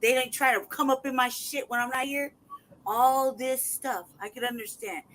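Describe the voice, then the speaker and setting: A man's voice: very high voice, steady tone, normal speed, slight background noise, low-quality recording. A man venting in an angry, profanity-heavy rant as a podcast host. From United States. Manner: angry, profane, loud outbursts. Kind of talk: heated casual rant.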